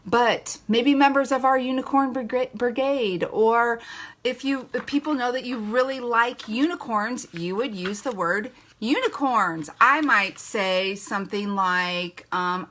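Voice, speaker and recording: A woman's voice: on the high side, sharp tone. A woman giving a live training talk to a sales team, chatty and playful, laughing often and acting out little quotes.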